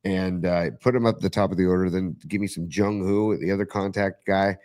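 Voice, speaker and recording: Man, lowish voice, excitable rambling sports podcast co-host. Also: brisk. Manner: enthusiastic, rambling with restarts. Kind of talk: casual sports chat.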